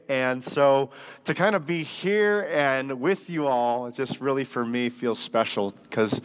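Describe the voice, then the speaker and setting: Conversational man preaching a sermon. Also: medium pitch. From Michigan, US. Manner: conversational, storytelling with fillers. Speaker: guest pastor. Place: church service in a gym.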